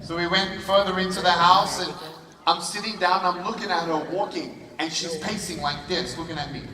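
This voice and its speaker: A man giving a storytelling motivational speech on a convention stage, animated and acting out dialogue. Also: high voice, moderate pace, crowd noise. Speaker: motivational speaker. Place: large convention hall stage. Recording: echoey hall from far off, noisy.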